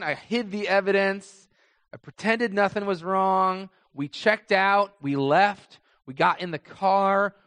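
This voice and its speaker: A young man preaches to his congregation and slips easily into storytelling, chatty one moment and vividly dramatic the next. His voice sits a little high for a man. Long reverb trails after his words, as in a large hall. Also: a bit bright. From United States. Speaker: pastor. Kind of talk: sermon.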